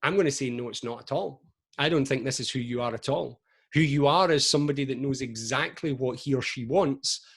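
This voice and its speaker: A man speaks over a video call, his voice slightly husky at middling pitch. He talks as a motivational speaker, chatty and animated, drifting into personal stories and quick asides. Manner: lively, chatty, storytelling with frequent asides. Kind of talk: energetic motivational talk to camera.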